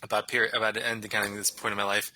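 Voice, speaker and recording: A man's voice: lowish voice, level tone, rapid-fire, sharp tone, poor audio. A young man chatting casually and rambling, often laughing as he talks. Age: young adult. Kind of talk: casual conversation.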